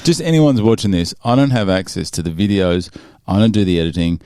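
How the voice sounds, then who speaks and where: A man's voice: sits low, a little fast, dark tone, smooth, dry recording, clean studio sound. An Australian man hosting a podcast, telling a story in casual chat with many restarts. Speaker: podcast host.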